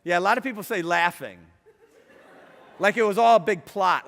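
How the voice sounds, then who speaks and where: A middle-aged man giving a lively talk to students, chatty and playful, asking the audience questions and telling stories. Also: high voice, moderate pace, vocal fry. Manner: conversational and playful, asks the audience questions, acts out quotes. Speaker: speaker addressing students. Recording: long hall reverb.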